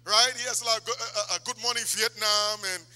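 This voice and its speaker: Impassioned preacher, high bright voice. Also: male voice, steady tone, moderate pace. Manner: impassioned, swings from loud exhortation to low asides. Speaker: pastor. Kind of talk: sermon. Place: church sanctuary. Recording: long church hall reverb.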